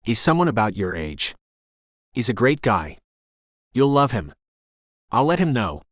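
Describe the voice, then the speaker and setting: A man voicing an energetic woman in her sixties who runs a bed and breakfast, speaking rapid-fire with a faint Jamaican accent. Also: medium pitch, dry recording, clean studio sound. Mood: chatty.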